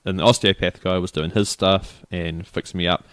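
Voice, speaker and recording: A man's voice: sits low, steady tone, normal speed, a bit bright, clear, resonant tone, dry recording, studio quality. A middle-aged New Zealand man chatting casually as a podcast co-host, rambling through a story and acting out the people in it. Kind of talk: casual chat.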